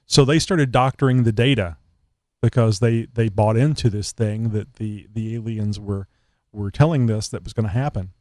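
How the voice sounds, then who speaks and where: A man co-hosting a live talk show, joking and rambling in casual chat with frequent pauses and fillers. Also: on the low side, a little mellow, dry recording. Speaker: co-host.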